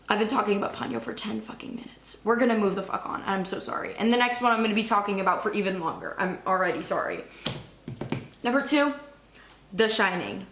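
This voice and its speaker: A young woman vlogging in a casual, rambling, excitable way, cursing now and then. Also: mid-range voice, quick pace, reverberant. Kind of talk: casual chat.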